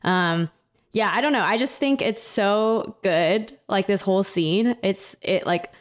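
A woman's voice: mid-range voice, unhurried. A woman co-hosting a podcast, talking earnestly and emotionally about a scene, full of "like" and "you know". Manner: earnest and emotional, many fillers like "like". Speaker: podcast co-host. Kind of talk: casual chat.

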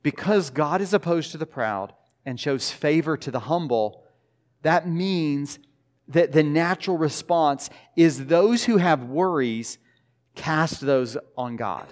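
A man preaching a sermon in a church. He talks in a conversational way, often restarts, and slows down for emphasis. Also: a little high, expressive, a little mellow. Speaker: pastor. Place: church sanctuary.

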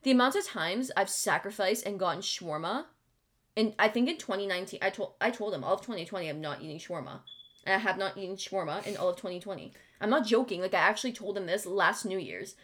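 A young woman co-hosts a casual podcast chat. She talks fast and chattily, with lots of fillers. Her voice sits at an ordinary pitch for a woman. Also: fairly bright tone. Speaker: podcast co-host.

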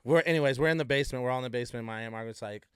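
A young man co-hosting a podcast, telling family stories in an animated way, laughing often and acting out relatives' voices. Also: medium pitch, racing, clear, resonant tone, dry recording, clean studio sound. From Iowa. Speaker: podcast co-host. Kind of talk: casual storytelling chat.

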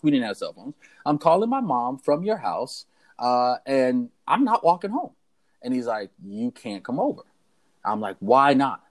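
Young male podcast co-host, mid-pitched, storytelling, animated. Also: moderate pace. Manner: animated storyteller who acts out the voices of people in his story. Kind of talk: casual storytelling chat.

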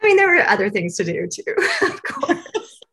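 A woman's voice: medium pitch, big pitch swings, moderate pace, pushed and bright, slightly rough. A woman from Tennessee answering interview questions as a university staff guest, chatty and rambling with lots of fillers. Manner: chatty, rambling with many fillers, laughs often.

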